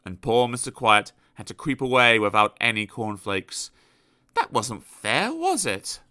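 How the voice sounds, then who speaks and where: Man reading a kids' storybook, bright voice, swoops up and down a lot, takes his time. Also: medium pitch, measured pace, dry recording, clean studio sound. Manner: expressive, animated storytelling. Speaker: audiobook narrator.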